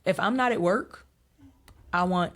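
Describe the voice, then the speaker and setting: Low-voiced woman telling lively stories. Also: unhurried, a little hiss or hum. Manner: animated storyteller, laughs often. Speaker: podcast guest. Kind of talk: casual interview chat.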